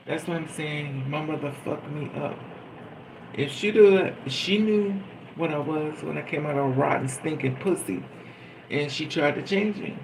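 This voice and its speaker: A man's voice: fairly high pitch, gravelly, background noise. A man talking in a raw, profane personal monologue, venting bluntly and emotionally as a vlogger.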